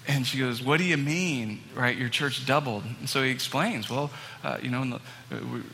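A man preaching a storytelling sermon to a congregation, acting out the people in his stories with growing excitement. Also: mid-range voice, brisk, vocal fry, slight background noise. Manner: animated, acts out quoted people, rising excitement. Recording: long hall reverb, faint ambience.

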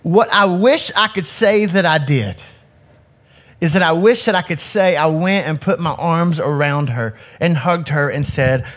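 A man's voice: on the high side, measured pace, fairly bright tone. A man in his forties, a youth ministry director, giving a candid, self-critical personal talk to an audience on a handheld mic, often restarting his sentences. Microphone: handheld microphone.

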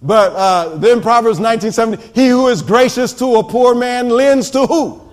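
Male minister with a very high voice, delivering a fervent sermon and shouting for emphasis. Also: normal speed.

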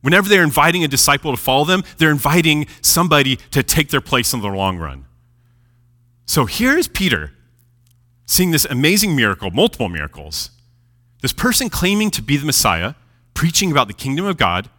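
Animated, bright-voiced male preacher. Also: fairly high pitch, fairly quick. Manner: chatty, animated, laughs at own jokes. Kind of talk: casual storytelling sermon.

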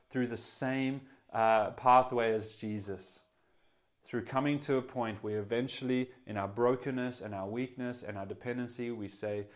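A man preaching a sermon in an earnest way, lifting his voice for quoted prayers and dropping soft at quiet moments. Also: mid-range voice.

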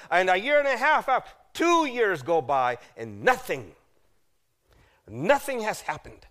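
Animated preacher man retelling a story. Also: moderate pace. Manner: dramatic, acts out the figures in quoted lines, asks the audience questions; drops to a hushed low voice for grave moments. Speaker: pastor. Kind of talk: sermon storytelling.

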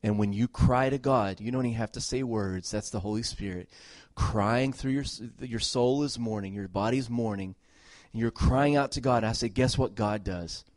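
At a medium pitch and normal speed, a middle-aged pastor preaches an earnest, emphatic sermon full of repeated phrases, moving between loud exhortation and soft, tender words. The studio-quality recording has no echo.

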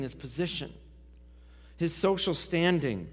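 A man's voice: a little high, expressive, a little slow. Preacher man in a reverberant hall. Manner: dramatic swings from loud to hushed. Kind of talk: sermon.

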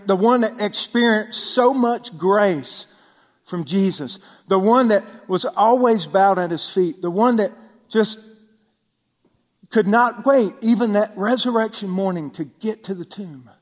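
A man preaching a sermon, talking casually with the congregation, asking them rhetorical questions and dropping to a hush on key points. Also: high voice, a little slow. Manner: preaching with sudden drops to near-whisper for emphasis; conversational, asks the listeners rhetorical questions. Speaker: pastor. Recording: long hall reverb.

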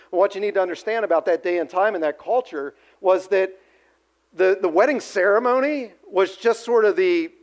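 High-voiced man preaching a story. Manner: animated storytelling, acts out quotes, asks the audience. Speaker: pastor. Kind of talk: sermon.

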